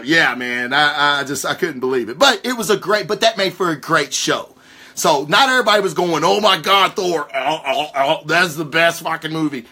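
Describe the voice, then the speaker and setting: Profane, excitable podcast host man. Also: on the high side. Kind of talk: casual comic-book news rant. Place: home recording spot.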